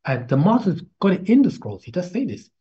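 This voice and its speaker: A man teaching a casual spoken lesson, slow and halting, repeating himself as he explains and chanting drawn-out syllables to show them. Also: sits high, sing-song, warm tone, breathy edge. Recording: dull lo-fi recording.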